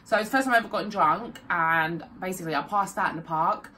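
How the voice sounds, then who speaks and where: A woman's voice: fairly low pitch, fast. A young British woman chatting casually and telling stories, giggling and acting out what people said. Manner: animated, giggly, acts out quotes. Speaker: co-host. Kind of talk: casual chat, storytelling. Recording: distant mic, faint hiss.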